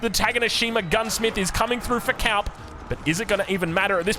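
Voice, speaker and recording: A man with an Australian accent casting a strategy video game, excitable and jokey, wandering into rambling asides between the play-by-play. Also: sits high, fast talker, a little hiss or hum. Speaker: game caster. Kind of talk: live strategy game commentary.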